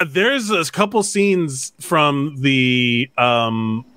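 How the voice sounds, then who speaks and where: Bright-voiced man on a call. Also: mid-range voice, drawn-out words, no room sound. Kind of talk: casual chat. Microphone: video call.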